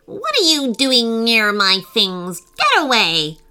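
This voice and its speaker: A woman's voice: high-pitched, big pitch swings, slow, pushed and bright, faint music behind, voice pushed up, heavily acted. A woman voicing an angry, rude male monkey who sneers and demands revenge in a children's story. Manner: cross, sneering.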